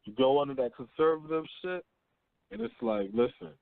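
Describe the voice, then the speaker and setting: Over a tinny phone line with no room sound, a call-in radio host with a medium-pitched voice talks a little fast. He spins blunt, slang-filled stories and keeps throwing out rhetorical questions like "you see what I'm saying?"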